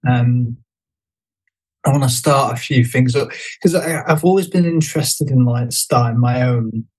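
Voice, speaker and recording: A man's voice: mid-range voice, measured pace, a little mellow, low-quality recording. A man, a podcast guest, chatting casually and hesitantly, with many fillers and restarts. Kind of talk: casual chat.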